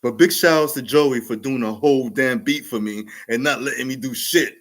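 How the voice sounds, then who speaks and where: This New York man in his forties hosts a podcast, and his medium-pitched, slightly bright voice moves at normal speed with few pauses. His story is casual and rambling, full of laughter, restarts, and fillers.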